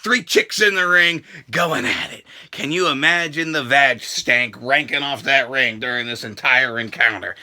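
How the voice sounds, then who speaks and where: A man recapping wrestling for his vlog in a strikingly high, bright, tense voice with a gravelly edge. His delivery is crude and jokey. It swings widely in pitch and breaks into shouted outbursts. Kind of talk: comedic wrestling show recap.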